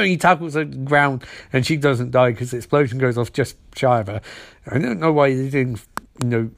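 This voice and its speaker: A man casually recapping a TV episode, making wry, mocking asides and briefly mimicking the characters as he goes. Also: medium pitch.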